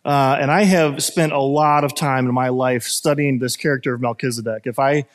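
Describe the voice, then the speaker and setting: A man's voice: mid-range voice, fairly even intonation, moderate pace, long reverb tail. A man preaching a sermon as pastor, talking conversationally and telling stories with many fillers and restarts.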